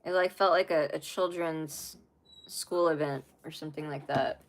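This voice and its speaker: A woman's voice: low-pitched, steady tone, normal speed, slight background noise. A young adult woman giving a casual, rambling tarot reading, full of fillers and asides. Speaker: tarot reader.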